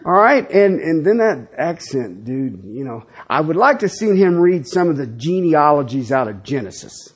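A pastor in his fifties preaching a sermon in a lively, conversational way, with casual asides to the congregation. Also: a little high, moderate pace, hardly any pauses, husky.

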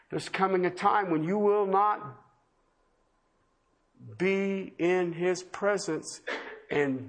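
High-voiced man preaching with passion. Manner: impassioned, emphatic preaching with repeated questions. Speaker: pastor. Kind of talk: sermon. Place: church service before a congregation.

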